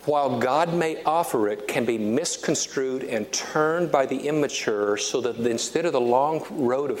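Emphatic pastor in an echoing hall. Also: male voice, medium pitch. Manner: emphatic, repeats key phrases, slows down for stress. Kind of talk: sermon. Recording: reverberant hall with faint noise.

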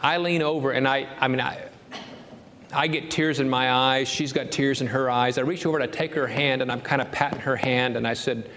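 A man preaching a sermon as pastor, telling a story and rising to an impassioned high pitch when he quotes scripture. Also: steady tone, a little fast, a bit bright, a little hiss or hum. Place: church sanctuary. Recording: long hall reverb, faint ambience.

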